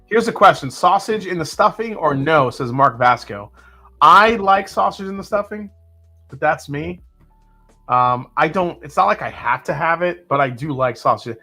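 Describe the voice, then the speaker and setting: Man, bright voice, relaxed chatty host, whiskey tasting livestream, faint background music. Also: fairly high pitch, moderate pace. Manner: relaxed, chatty, with fillers and sips. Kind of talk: casual live tasting chat, reading chat comments.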